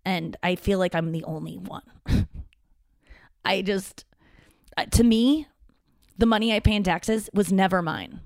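A woman's voice: mid-range voice, a little slow, gravelly, pauses often, darkish tone, dry recording, studio quality. A woman hosting a podcast, talking in a casual, rambling, self-deprecating way and swearing now and then. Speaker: podcast host. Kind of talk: casual solo monologue.

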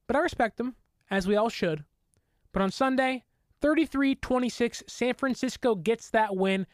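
Excitable fan talking football. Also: female voice, a little high, moderate pace, no room sound, clean studio sound. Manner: excitable, rambling fan talk with many fillers; mock voices for quoted people. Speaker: sports podcast host. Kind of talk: casual sports commentary.

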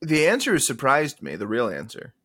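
A man co-hosting a podcast, playful and quick with jokes in casual banter. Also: mid-range voice, huge pitch swings, bright, forceful tone, slightly rough, no room sound, studio quality. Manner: playful, does silly voices. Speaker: podcast co-host.

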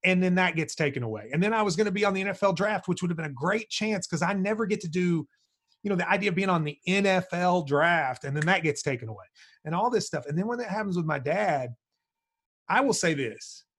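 A man's voice: sits high, expressive, brisk, a bit bright. Candid Kentucky man, rambling storyteller. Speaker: podcast host. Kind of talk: casual video-call conversation. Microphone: video call.

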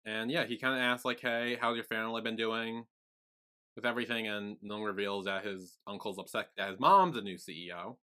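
A man's voice: lowish voice, fairly even intonation, fairly quick, sharp tone, clear, resonant tone. A man co-hosting a podcast, summarizing plot in an easygoing casual chat. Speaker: podcast co-host.

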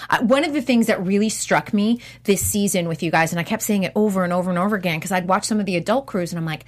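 A woman's voice: medium pitch, quick pace. A woman host interviewing a dance crew, full of praise and enthusiasm. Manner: enthusiastic, complimentary. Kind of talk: casual interview.

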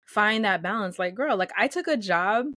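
Animated chatty woman, dry sound. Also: medium pitch, moderate pace, no echo. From United States, first-generation Salvadorian. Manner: animated, chatty, many fillers, acts out quotes. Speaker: guest. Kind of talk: casual interview chat.

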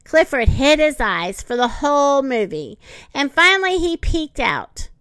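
A woman reading a children's picture book aloud, high and very lively, lingering slowly over each line. Her voice is bright, and the close recording is dry. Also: dry recording. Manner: expressive, sing-song. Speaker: storyteller.

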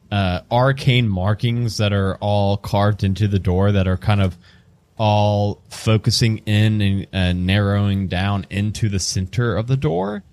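A man narrating as game master in a tabletop game, describing scenes haltingly with fillers and reading a riddle out slowly and solemnly. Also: fairly low pitch, a little mellow. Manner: reads the riddle in a raised, slow, solemn voice.

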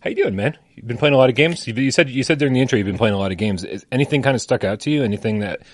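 A man's voice: medium pitch, rapid-fire, dry recording, studio quality. A man co-hosting a live gaming podcast, joking and rambling through casual banter. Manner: animated, joking, rambling asides. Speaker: podcast co-host.

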